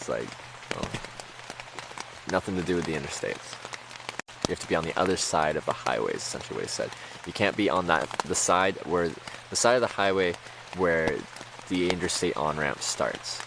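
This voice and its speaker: A man's voice: sits low, expressive, normal speed, creaky, pauses often, noisy background. A man streaming, telling a story to his chat in a rambling, casual way with lots of fillers and laughs.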